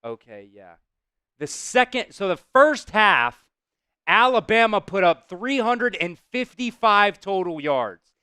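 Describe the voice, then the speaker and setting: A man hosting a live stream, calling plays casually, reacting loudly, swearing and talking to his chat. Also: high voice, takes it slowly, clean tone, no echo, studio quality. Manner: excitable, swears, talks to chat. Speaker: host doing live play-by-play.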